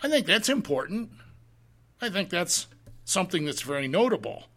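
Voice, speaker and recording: A man's voice: high voice, big pitch swings, normal speed, fairly bright tone. A man preaching a sermon, teaching a Bible passage verse by verse, reading the scripture in old-fashioned wording and asking rhetorical questions. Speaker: pastor.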